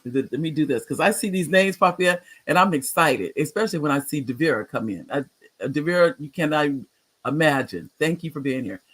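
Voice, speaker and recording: Greeting viewers by name with excited rises in his voice, this man in his sixties, a former teacher, rambles chattily as host of a livestreamed talk show. He sounds a little high and husky and speaks fairly quickly.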